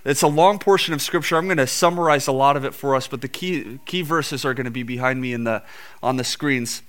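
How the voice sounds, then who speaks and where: A man's voice: mid-range voice, brisk, a bit bright, smooth. A male pastor preaching a sermon in a church, telling stories earnestly and often repeating words as he builds a point. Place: church with screens on stage.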